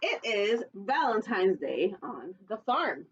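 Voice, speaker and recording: A female children's librarian reads a picture book aloud at storytime, slow and sing-song with a breathy edge, in dull audio. She adds playful, chatty asides for young listeners and squeaky animal calls.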